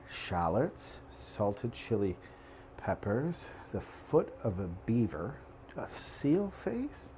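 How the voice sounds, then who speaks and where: A man's voice: on the low side, a little mellow. A man hosting a casual cooking show, who talks through a recipe in a playful, jokey way and riffs off the dish as he goes. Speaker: host and cook. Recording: audible background noise.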